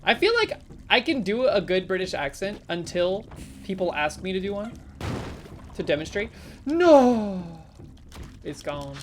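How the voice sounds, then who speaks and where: A woman streaming a game live, chatting casually with viewers in a playful way and breaking into sudden loud exclamations. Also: mid-range voice, sing-song, normal speed, a little hiss or hum.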